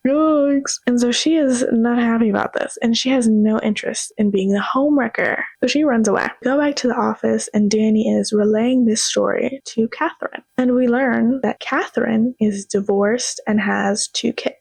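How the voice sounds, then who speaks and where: Sassy young woman doing a casual movie breakdown, slangy, bit high pitched, dry. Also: steady tone, moderate pace, creaky, few pauses, darkish tone, breathy edge, dry recording. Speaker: movie commentary host.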